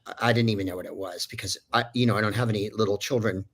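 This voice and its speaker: A man's voice: lowish voice, fairly even intonation, very fast, a bit bright, breathy edge. A man who is a voice actor telling a story in a casual way, rambling and digressing with many fillers. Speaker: voice actor guest.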